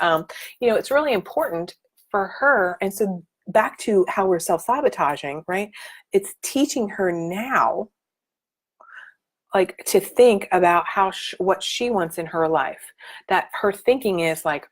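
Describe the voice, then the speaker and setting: A middle-aged woman, a life coach, talking casually and emphatically on a live stream, motivational and animated. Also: low voice.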